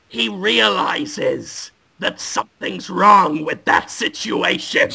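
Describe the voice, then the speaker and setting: A podcast host tells a crude improvised comic story, rambling and gleeful. His voice sits unusually high for a man, with a gravelly edge and a bright, sharp tone. He talks slowly. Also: expressive.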